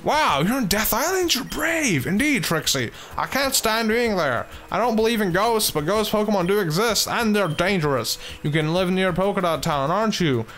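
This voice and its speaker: A breezy, talkative game character rings up the player and rambles on, as a man puts on a voice pitched well above his own. The voice lifts and swoops around while he chats. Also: lively intonation, normal speed, few pauses, a bit bright, soft background music. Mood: chatty. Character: chatty friendly game character on a phone call.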